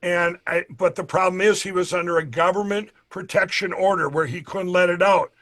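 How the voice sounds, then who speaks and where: A man being interviewed, telling a story in a casual, animated way, acting out the dialogue and often restarting his sentences. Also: high voice, moderate pace. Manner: animated retelling, acts out quoted dialogue, frequent restarts; addresses the audience directly. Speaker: interview guest.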